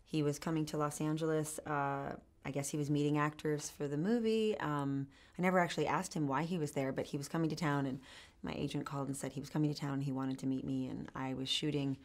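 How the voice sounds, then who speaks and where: Fast-talking low-voiced actress. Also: female voice. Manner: animated storyteller, laughs easily. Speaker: actress being interviewed. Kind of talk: casual interview anecdote.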